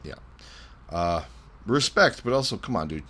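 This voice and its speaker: Low, lively wrestling podcast man. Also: normal speed. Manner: laid-back, animated, swears. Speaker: podcast co-host. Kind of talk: casual wrestling chat.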